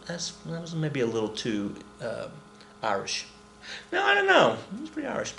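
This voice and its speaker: A man's voice: fairly high pitch, wildly swooping pitch, moderate pace, vocal fry, fairly bright tone, reverberant. Chatty middle-aged male history teacher. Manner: chatty, joking asides, self-corrections. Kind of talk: casual recorded lesson.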